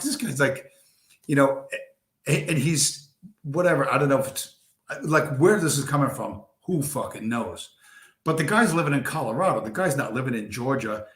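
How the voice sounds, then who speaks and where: A man's voice: mid-range voice, a bit bright. A man hosting a casual live stream, telling a long story in a rambling, profane way, full of fillers and asides. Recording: roomy echo.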